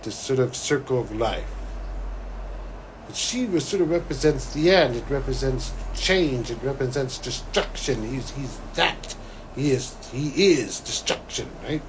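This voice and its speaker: A man, a psychic, talking to camera as he recounts a vision, animated and breaking into excited exclamations. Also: a little high, slight background noise, rough recording. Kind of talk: solo talk recounting a vision.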